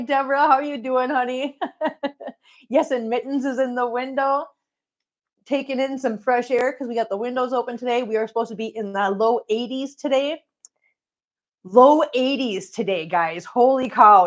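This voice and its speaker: A woman's voice: on the high side, highs cut off. A middle-aged woman chatting casually on a home livestream, greeting viewers by name as she talks. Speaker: cat channel host.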